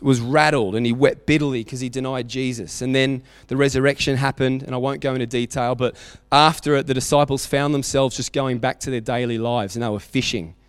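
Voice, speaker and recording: A man with an Australian accent preaching a sermon as pastor, telling stories with animated, acted-out quotes. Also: mid-range voice, clear, resonant tone, dry recording, studio quality, in a large hall. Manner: animated storytelling, acting out quotes. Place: church hall.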